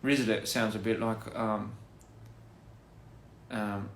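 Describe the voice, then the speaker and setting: A man's voice: on the low side, fairly even intonation, slow, roomy sound, a little hiss or hum. Man rambling playfully on a livestream. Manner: goofy, rambling wordplay, laughs at own jokes. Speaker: livestream host. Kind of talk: casual livestream chat.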